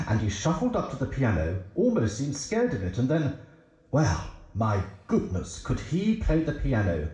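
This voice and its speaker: A man's voice: medium pitch, huge pitch swings, moderate pace, mellow. A man playing a fussy music professor. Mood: reminiscing. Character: pedantic male professor of music. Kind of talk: stage play acting. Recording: roomy, dull stage sound.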